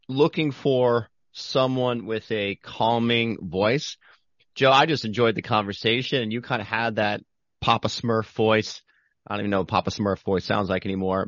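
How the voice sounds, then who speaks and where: A man hosting a podcast interview, upbeat and energetic, talking in a rambling casual way. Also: fairly low pitch, normal speed, dry recording, muffled recording. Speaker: podcast host.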